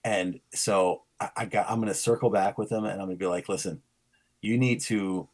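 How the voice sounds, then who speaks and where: A man's voice: lowish voice, steady tone, quick pace. A man co-hosting a casual podcast, telling a rambling anecdote and acting out the quoted lines. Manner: rambling storyteller who acts out quoted lines. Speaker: podcast co-host.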